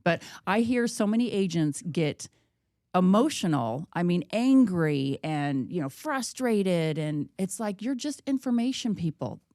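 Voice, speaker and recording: A woman co-hosting a real estate podcast, telling a personal story in a lively, chatty way. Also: on the low side, unhurried, no room sound, studio quality. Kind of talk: casual podcast chat.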